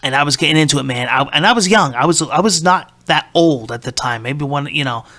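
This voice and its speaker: Male podcast host, 30s, bright gravelly voice, swears constantly and rambles as he tells a story. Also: on the high side, fairly quick. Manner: profane, excitable, rambling. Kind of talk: casual storytelling.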